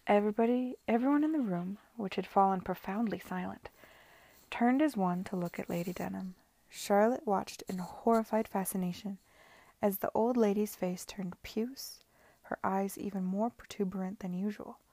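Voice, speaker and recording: A woman's voice: mid-range voice, moderate pace, mellow, no room sound. A woman reading a novel aloud to friends, casually, often stumbling over words and correcting herself. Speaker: reader.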